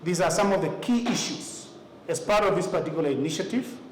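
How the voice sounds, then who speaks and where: A Namibian man presenting to party representatives at a formal meeting, measured and deliberate, pausing often on "uh". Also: high-pitched, animated. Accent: Namibian English. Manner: measured, deliberate delivery with frequent "uh" pauses. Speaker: electoral commission official presenting to party representatives. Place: meeting room. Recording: echoey room, faint ambient noise.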